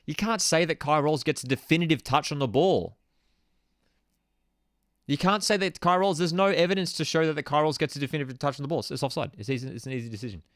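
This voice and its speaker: A man's voice: on the high side, quick pace, a bit bright, dry recording, studio quality. A young man hosting a live football watchalong, ranting in exasperation and casual slang while reading out chat messages. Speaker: host of a football watchalong stream.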